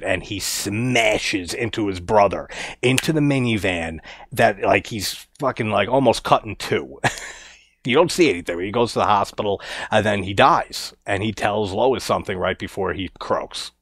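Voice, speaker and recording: Male film reviewer, casual and amused, lowish voice, dry close recording. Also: moderate pace, a bit bright, no echo. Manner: laid-back, chuckling while recounting scenes.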